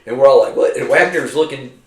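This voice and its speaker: A man's voice: mid-range voice, fairly quick. Profane veteran man spinning war stories. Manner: profane, animated storyteller acting out his comrades' voices. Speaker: retired army veteran telling war stories. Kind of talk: casual storytelling over drinks. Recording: roomy, mic at a distance.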